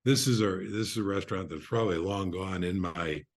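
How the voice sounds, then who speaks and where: An older man with a notably deep voice shares stories as a podcast guest. His tone is husky, and he talks unhurriedly, with frequent fillers and restarts. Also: a little fast. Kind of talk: relaxed anecdote telling.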